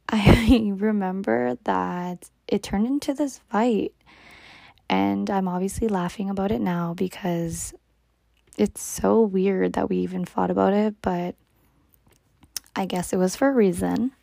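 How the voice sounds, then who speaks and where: Young woman, casual storytelling, soft half-whispers, filler "like"s, gravelly, dry close sound. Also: medium pitch, unhurried, no echo.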